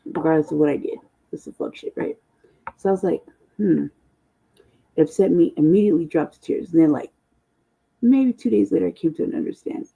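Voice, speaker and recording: A woman's voice: fairly low pitch, a little fast, creaky, long pauses, warm tone, slightly rough, lo-fi sound. A woman host telling a long personal story in casual, profane, rambling talk, often checking in with "right?". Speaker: channel host.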